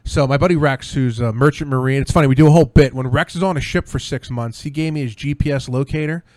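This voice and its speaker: A tipsy man hosting a podcast. He tells rambling, excitable stories and swears freely. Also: medium pitch, fast, no echo. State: tipsy from drinks. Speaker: podcast host. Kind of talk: casual podcast chat.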